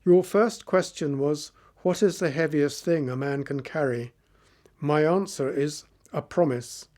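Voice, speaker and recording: A man's voice: on the high side, darkish tone, lightly acted. A man reading the part of a wise, sincere young prince in a storybook. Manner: measured, heartfelt.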